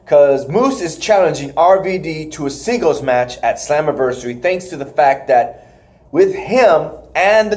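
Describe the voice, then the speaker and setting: A young man casually recapping wrestling on a podcast, excitable and laughing often, sometimes squealing to mimic wrestlers. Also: on the high side. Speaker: podcast co-host reviewing wrestling.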